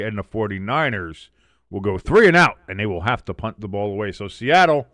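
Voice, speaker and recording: Man, stream host, casual play-by-play, joking, chatty, mid-pitched voice, dry close sound. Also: clean tone, no echo. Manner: joking, chatty, reads out chat messages. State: wired on coffee. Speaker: watch-along stream host. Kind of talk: casual live play-by-play commentary.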